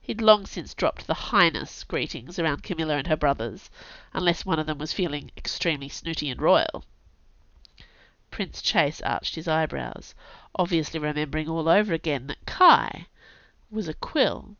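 A woman, an author and podcast host, narrating a story aloud in a lively, expressive way, on a dull lo-fi recording. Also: low-pitched, moderate pace, no echo. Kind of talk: scripted audiobook narration. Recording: dull lo-fi sound.

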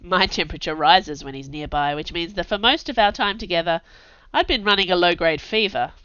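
A woman's voice: fairly low pitch, expressive, a little fast, fairly bright tone, clear, resonant tone, no room sound, highs cut off. Wry woman narrating a novel. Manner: wry, sardonic storytelling. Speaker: audiobook narrator. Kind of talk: first-person novel narration.

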